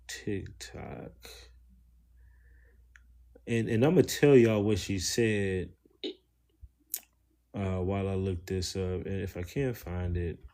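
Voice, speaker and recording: Rambling slangy man, low voice. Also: gravelly. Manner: rambling, slangy, swears, greets viewers. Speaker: live streamer. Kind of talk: casual live stream talk.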